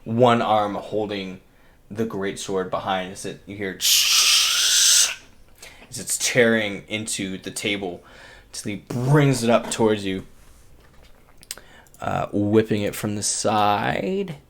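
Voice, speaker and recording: Animated young man running a tabletop game. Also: on the low side, takes it slowly, long pauses. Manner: animated, laughs often. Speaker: game master.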